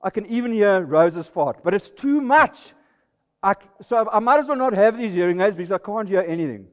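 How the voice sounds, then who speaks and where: High-voiced South African man in his sixties. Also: animated, fairly quick. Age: 60s. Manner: self-deprecating comic storytelling. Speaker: presenter. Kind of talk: comic talk at a live presentation night. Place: live event venue hall. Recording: reverberant hall recording.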